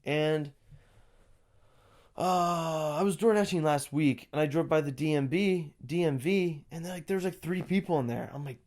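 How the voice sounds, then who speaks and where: Young male podcast co-host, a bit high-voiced, lively and foul-mouthed while telling stories. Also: normal speed. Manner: animated, swears a lot, acts out quotes. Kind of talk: casual storytelling chat.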